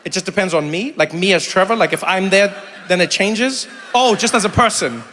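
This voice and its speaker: Man, stand-up comic, high bright voice, animated storytelling, long hall reverb. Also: brisk, a little hiss or hum. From South Africa. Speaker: stand-up comedian. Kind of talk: stand-up comedy with crowd work. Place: large theater stage. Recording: reverberant hall with faint ambience.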